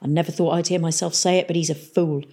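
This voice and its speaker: A woman's voice: sits low, steady tone, quick pace, mellow, husky. A woman doing a grumbling city guard. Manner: muttering, complaining.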